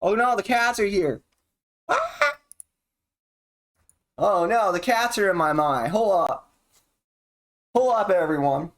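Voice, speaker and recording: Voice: medium pitch, measured pace. A streamer talking alone in a rambling, erratic and profane monologue, jumping from topic to topic. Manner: erratic, profane and jumpy, with sudden laughs and exclamations.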